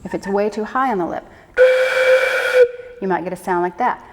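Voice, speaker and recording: A middle-aged woman teaches beginning flute in a friendly, demonstrative way, explaining and then showing. Her voice sits at an ordinary middle pitch. The recording carries a long, echoing reverb. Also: normal speed. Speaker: flute instructor. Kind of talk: instructional lesson.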